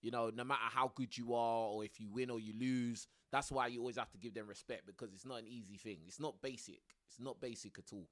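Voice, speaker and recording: A man's voice: medium pitch, fairly even intonation, fast, hardly any pauses, fairly bright tone. A young man chatting casually on a live stream from his home, laughing often and using lots of slang. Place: home room under a studio light.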